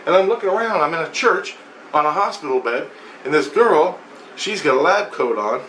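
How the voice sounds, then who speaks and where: A man's voice: on the high side, lively intonation, normal speed, pushed and bright. A man retelling a spiritual vision in casual, rambling storytelling, swearing often and restarting his sentences. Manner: rambling, profane, many restarts and repetitions. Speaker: vlogger. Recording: roomy echo, faint background noise.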